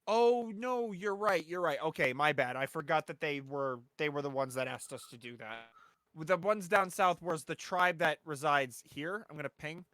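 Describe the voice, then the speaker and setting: A man's voice: on the high side, fairly bright tone, dry recording. A man playing a tabletop game, chatting casually and correcting himself in a flustered way. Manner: flustered, quick self-corrections. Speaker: player. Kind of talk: casual tabletop play chat.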